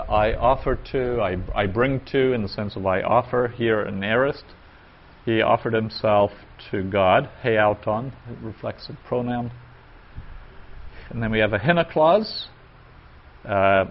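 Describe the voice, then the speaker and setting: A man teaching a language lesson, reading passages aloud slowly and then parsing them word by word. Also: mid-range voice, dull audio. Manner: slow and methodical, reads passages aloud then parses them. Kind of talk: Koine Greek lesson.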